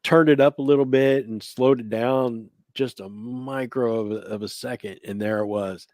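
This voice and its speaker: A man of middle pitch co-hosting a paranormal live stream, talking in a loose, halting way full of restarts. His voice sounds close and dry, with no room sound around it. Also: steady tone, darkish tone, no echo. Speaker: paranormal investigator co-host. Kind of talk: casual chat. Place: home studio, live stream.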